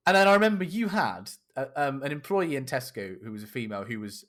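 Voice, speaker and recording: A man's voice: medium pitch, lively intonation, fast talker, a bit bright. Laughing man telling a story. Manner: swearing, laughing, acts out quoted lines. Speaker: podcast co-host. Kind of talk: casual storytelling chat.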